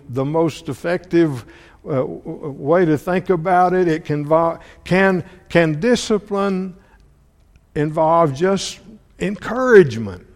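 A man preaching a sermon, halting and repeating words often, asking his listeners questions. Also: a little high. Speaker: preacher or Bible teacher. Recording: long hall reverb.

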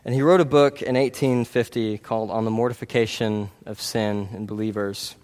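A man's voice: on the low side, fairly even intonation, normal speed, a little mellow. Guy giving a sermon, chatty and earnest, keeps saying right. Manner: earnest, conversational, frequent "right?" tags and restarts. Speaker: preacher.

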